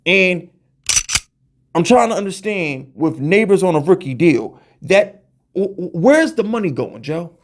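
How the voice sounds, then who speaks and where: A man's voice: high voice, big pitch swings, a little slow. Fired-up profane man ranting. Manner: heated, profane, stammering repeats. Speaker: podcast host. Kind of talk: ranting fan commentary.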